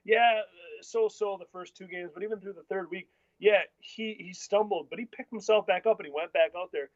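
A man co-hosting a casual sports podcast, arguing football picks bluntly and in rapid bursts. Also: high voice, no room sound. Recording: dull lo-fi sound.

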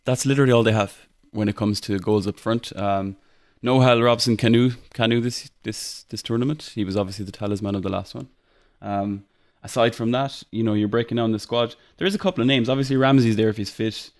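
A man's voice: lowish voice, steady tone, fairly quick, hardly any pauses, no room sound, clean studio sound. A young Irish man hosting a casual football podcast, chatty with many fillers and restarts, laughing often. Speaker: podcast host.

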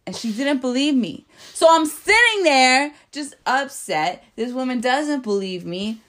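A woman's voice: high-pitched, lively intonation, a little slow, a bit bright. A young adult woman telling a story in casual, profane podcast chat, laid-back and laughing often.

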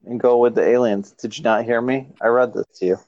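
A male podcast co-host talks casually, dropping wry, deadpan remarks. His voice sounds dull and close on a dry, lo-fi mic. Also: mid-range voice, fairly quick, no echo. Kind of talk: casual chat.

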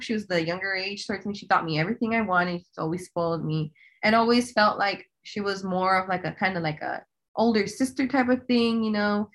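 A woman, a guest on a podcast, telling family stories in a relaxed, casual way with fillers. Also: medium pitch. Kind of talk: casual storytelling.

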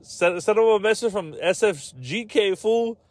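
A man's voice: sits high, normal speed, no echo, pitched above the performer's own voice, close to an everyday voice. Man putting on a taunting street tough. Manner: swaggering, taunting, repeats "fool". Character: taunting tough male street gang member.

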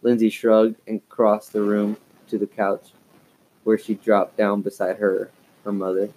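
A man narrating a children's story aloud as an expressive storyteller. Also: lowish voice, measured pace, a little hiss or hum, low-quality recording. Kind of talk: audiobook reading of a children's story.

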